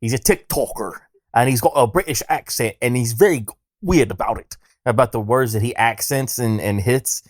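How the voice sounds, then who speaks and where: A man's voice: medium pitch, normal speed, dry recording. A man riffs through a casual comedic podcast chat. His delivery is sarcastic and rambling, with frequent fillers and trailing thoughts. The recording is dry and close, with no room sound. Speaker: podcast co-host.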